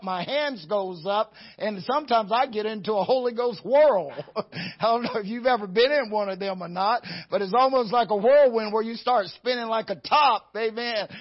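Husky high-voiced preaching man. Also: dull audio. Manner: lively preaching, chuckles, talks to himself aloud. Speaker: pastor. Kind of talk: sermon.

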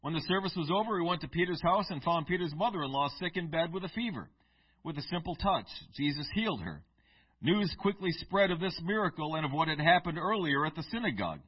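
A male pastor with a somewhat high, husky voice reads scripture and preaches in a conversational storytelling manner. The sound is dull and lo-fi. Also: expressive, a little fast. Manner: reads scripture in King James style, then preaches conversationally with asides. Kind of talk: sermon with scripture reading.

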